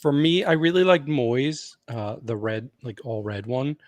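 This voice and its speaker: A man's voice: medium pitch, animated, measured pace, no room sound. A man in casual podcast chat who talks in an easygoing, candid way, with plenty of fillers.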